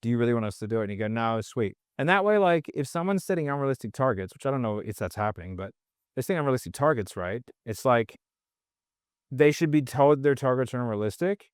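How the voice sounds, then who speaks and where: A man's voice: medium pitch, fast talker, clean tone, dry recording, clean studio sound. A man, guesting on a podcast, ranting bluntly and swearing a lot in casual conversation. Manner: blunt, profane, animated ranting.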